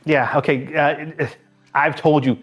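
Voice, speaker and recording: A man's voice: a little high, little pitch movement, slow pace, slightly rough, muffled recording, soft background music. A man playing a harried male boss in an improvised comedy sketch, lecturing his clown employee, cursing and repeating himself.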